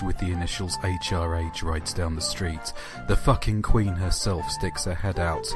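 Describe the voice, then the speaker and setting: A man's voice: deep voice, steady tone, moderate pace, few pauses. A man narrating horror stories and chatting casually, with a dry, offhand delivery and some swearing. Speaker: narrator and channel host. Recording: music playing underneath.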